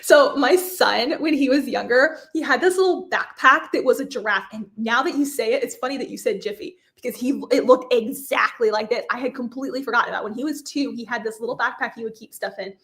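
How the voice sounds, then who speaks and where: Fairly high and a bit bright, her voice runs quick with hardly any pauses. The speaker, a woman in her thirties, hosts a live craft stream and chats about a giveaway, laughing a lot and saying sorry when she stumbles on names.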